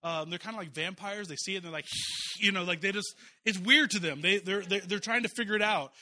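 High, bright-voiced joking pastor. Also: male voice, brisk. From Kansas City, US Midwest. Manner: chatty and joking, with frequent fillers and restarts. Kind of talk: casual storytelling sermon.

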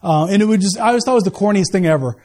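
A pastor with a high, slightly mellow voice races through a casual, joking sermon. He stammers and restarts often, repeating his opening words each time.

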